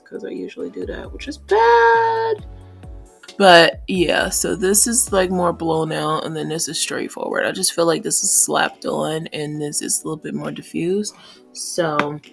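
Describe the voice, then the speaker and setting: A young woman talks her way through a makeup routine in a loose, rambling, chatty way, full of "like" and "um". Her voice sits a little low for a woman, and faint music plays underneath. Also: vocal fry, a bit bright, husky. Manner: rambling, chatty, lots of fillers. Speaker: beauty vlogger. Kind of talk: casual chat while doing makeup.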